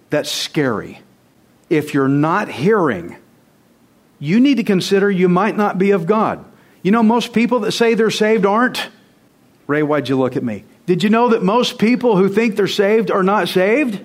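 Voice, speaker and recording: A man's voice: high-pitched, big pitch swings, normal speed. A male pastor preaching a sermon, emphatic and conversational, firing rhetorical questions straight at his congregation. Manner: conversational, direct address to the congregation.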